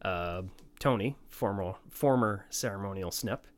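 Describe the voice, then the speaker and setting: A man's voice: fairly low pitch, measured pace. Middle-aged musician guy rambling through tour stories, doing little voices for everyone. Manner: animated anecdote teller, acts out quoted voices. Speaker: touring band musician, guest. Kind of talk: casual storytelling chat.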